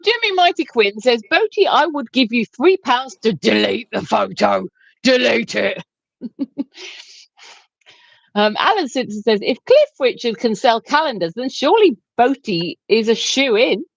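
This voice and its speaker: A woman's voice: a little high, sing-song, unhurried, vocal fry, dry recording. A woman co-hosting a livestream, reading viewer comments aloud and laughing often in casual banter. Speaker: livestream co-host reading chat.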